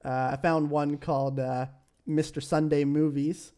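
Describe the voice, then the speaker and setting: A man's voice: on the high side, level tone, measured pace, warm tone, clear, resonant tone. A young man co-hosting a podcast in casual chat, hesitant with lots of fillers, laughing easily. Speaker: podcast co-host.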